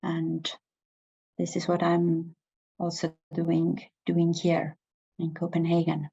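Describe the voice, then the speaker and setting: A woman giving a university lecture, hesitant, with many pauses and fillers. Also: lowish voice, completely flat delivery, vocal fry, warm tone, slightly rough. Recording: dull lo-fi recording.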